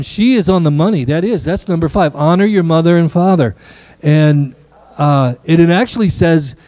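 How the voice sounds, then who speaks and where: A man's voice: a little high, moderate pace, mellow, no echo. A man, a pastor giving a playful children's message in church and joking with the kids. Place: church sanctuary.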